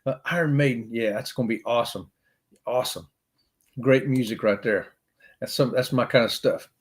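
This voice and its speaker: A middle-aged man with a mid-range voice at normal speed hosts a casual livestream, reading chat comments. His manner is folksy and upbeat, and he says "y'all" often.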